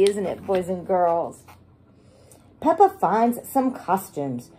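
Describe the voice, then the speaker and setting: A preschool teacher reading a picture book aloud to young children, animated and gushing as she talks to them. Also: mid-range voice, slow, husky.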